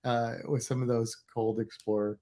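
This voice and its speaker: A man's voice: mid-range voice, level tone, normal speed, mellow. A man co-hosting a casual livestream, talking in rambling, self-interrupting bursts and joking around. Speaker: livestream co-host. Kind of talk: casual chat.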